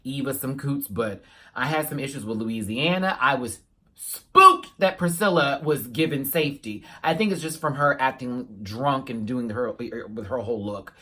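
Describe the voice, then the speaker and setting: Sassy, animated man reviewing a show. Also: mid-range voice, normal speed. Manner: animated and sassy, with playful asides. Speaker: YouTube reviewer. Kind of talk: casual reaction review.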